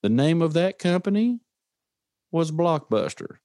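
A man's voice: mid-range voice, sing-song, moderate pace, darkish tone, no room sound, clean studio sound. A man hosting a motivational podcast, speaking earnestly, telling stories and putting questions to the listener. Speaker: podcast host. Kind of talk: motivational talk.

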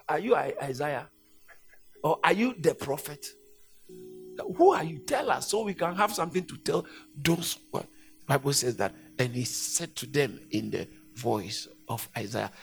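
A man preaching a sermon, emphatic and repetitive, swinging from hushed lines to shouts. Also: mid-range voice, gravelly.

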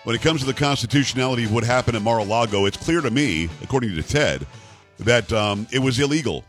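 A man hosting a talk radio show, emphatic and incredulous, tripping over his words when excited. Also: medium pitch, quick pace, faint music behind.

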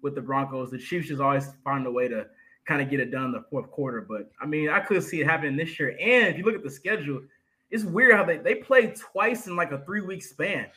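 A man co-hosting a sports podcast, talking in a relaxed, chatty way and laughing often. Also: fairly high pitch, fairly quick, low-quality recording. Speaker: podcast co-host. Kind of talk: casual sports podcast chat.

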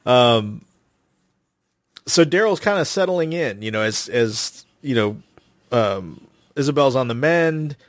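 A man's voice: mid-range voice, lively intonation, takes it slowly, long pauses, dry recording, studio quality. A man hosting a casual podcast recap, retelling the plot with frequent ums and restarts. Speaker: podcast host.

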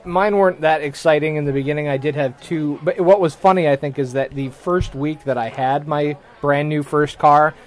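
Young male podcast host from Michigan, lively storyteller, a touch high-pitched. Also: moderate pace, hardly any pauses. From Michigan, USA. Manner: animated storyteller, acts out scenes, laughs often. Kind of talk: casual storytelling chat.

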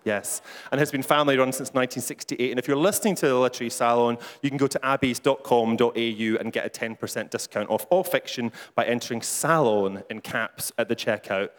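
A man hosts a live podcast event on stage, playful and joking as he introduces a guest. The roomy venue gives his voice a clear echo. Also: mid-range voice, fairly quick. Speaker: podcast host.

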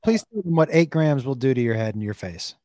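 A man telling a wild stand-up story to a crowd, swearing freely and swinging between loud bursts and near-whispers. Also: mid-range voice, a little fast, dry recording, studio quality. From Texas. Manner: animated, profane, swings loud and quiet.

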